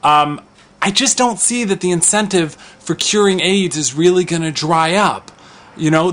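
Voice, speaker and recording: A man's voice: on the high side, fairly bright tone. A man in his thirties speaking in an opinion vlog, vocal and outspoken, talking with conversational restarts. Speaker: vlogger.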